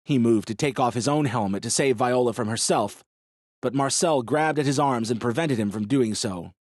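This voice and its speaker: A male audiobook narrator reads in a measured, dramatic way at a mid pitch. He is recorded close on a studio mic. The sound is dry, with no room around it. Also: darkish tone, no echo. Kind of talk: scripted narration.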